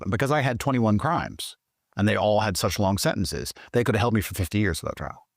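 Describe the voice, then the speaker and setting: Gravelly and brisk, a British interview guest tells a story with heated profanity, swinging up into high, excited outbursts. It's studio quality, with no room sound.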